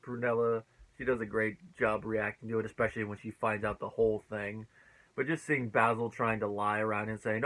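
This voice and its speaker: A man with a lowish voice talks through a sitcom episode in a relaxed, conversational review. He is chatty, laughs easily and fills his pauses with "uh" as he works out what he thinks. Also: poor audio. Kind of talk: casual spoken review.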